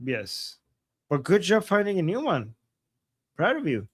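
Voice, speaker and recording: Host, male, fairly high voice, upbeat livestream reader, dry close sound. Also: wildly swooping pitch, breathy edge, dry recording. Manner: upbeat, quick acknowledgments, many restarts. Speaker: host reading super chats. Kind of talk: casual livestream chat.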